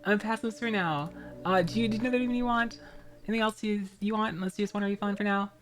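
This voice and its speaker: A woman's voice: mid-range voice, fairly even intonation, quick pace. A woman streamer chatting casually while playing a game, laughing often and thanking viewers from chat.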